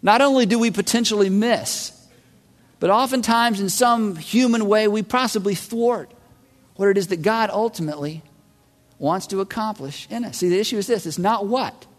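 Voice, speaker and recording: A man preaching a sermon as a pastor, animated and acting out voices of listeners and God. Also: high voice, normal speed. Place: large church hall. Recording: long hall reverb.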